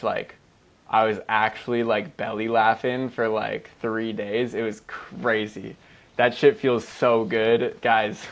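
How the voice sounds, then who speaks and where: A man's voice: lowish voice, vocal fry. A man co-hosting a podcast in casual chat, talking loosely with lots of swearing and "like" fillers. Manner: loose, profane, heavy "like" fillers. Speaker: podcast co-host.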